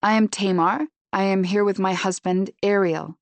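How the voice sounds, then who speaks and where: A woman's voice: medium pitch, fairly even intonation, normal speed, no echo, lightly acted. A woman voicing a reserved young wife who speaks clipped English, in an audiobook. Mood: polite. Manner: clipped, heavily accented. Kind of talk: audiobook character voice.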